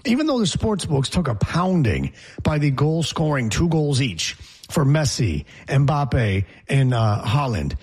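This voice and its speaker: A man's voice: medium pitch, very animated, moderate pace, darkish tone, breathy edge. A man hosting a sports talk show, talking casually in a brash, rambling, joking way.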